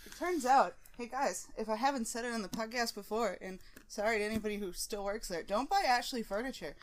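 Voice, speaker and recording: A woman's voice: a little high, a little fast. A woman co-hosting a podcast from her couch at home, chatting casually and rambling with frequent laughs. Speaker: podcast co-host.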